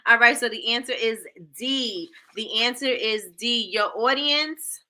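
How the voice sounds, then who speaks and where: A woman hosts a casual coaching livestream, talking straight to her chat and calling them y'all. Her voice is bright and forward. She is playful and loves to repeat a point. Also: a little high, unhurried. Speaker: livestream host.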